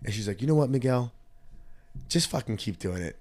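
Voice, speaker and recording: A man hosting a casual podcast, telling profane personal stories with lively retold dialogue. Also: medium pitch, fairly quick. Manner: storytelling, profane, animated retelling. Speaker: podcast host. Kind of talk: casual chat.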